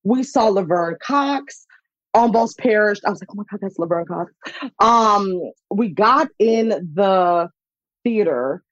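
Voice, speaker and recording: An excitable woman in her thirties, telling a lively anecdote with lots of laughter and high-pitched quoted voices. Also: measured pace, dry recording, muffled recording. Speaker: guest. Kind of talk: animated storytelling anecdote.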